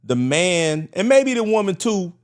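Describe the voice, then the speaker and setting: Measured man steering a podcast chat. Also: sits high, big pitch swings. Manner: measured, guides the discussion. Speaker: podcast co-host. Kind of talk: casual conversation.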